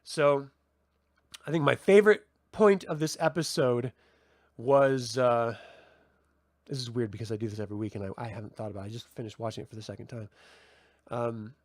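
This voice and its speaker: A man's voice: medium pitch, fairly quick, long pauses, dry recording. Chatty man reviewing a TV episode. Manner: chatty, rambling, with frequent fillers and restarts. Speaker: TV review host. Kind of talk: casual solo review talk.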